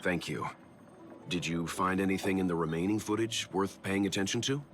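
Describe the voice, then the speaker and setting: A very deep, unhurried male voice, from an actor in a video game, plays a composed investigator who weighs every word. His delivery stays formal and steady. Game music plays clearly behind him. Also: lightly acted. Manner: slow, deliberate, formal. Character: calm, measured older male investigator.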